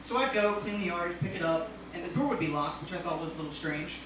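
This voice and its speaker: A man performing a casual stand-up comedy set, talking loosely with many fillers and sudden loud jumps, recorded from far off on a phone in a comedy club. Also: a little high, fast talker, heavy reverb, background noise. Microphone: phone filming from the audience.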